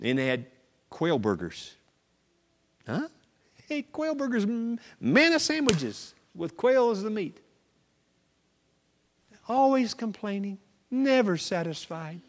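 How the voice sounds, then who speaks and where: A male pastor preaching a sermon, animated storytelling with acted-out voices and sudden shouts. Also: high-pitched, takes it slowly, long pauses, in a large hall.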